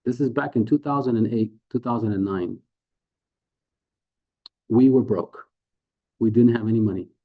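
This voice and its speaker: A man's voice: mid-range voice, steady tone, normal speed, long pauses. A man leading a sales training, talking persuasively with rhetorical questions and acted-out sales dialogues. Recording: phone-like narrow audio.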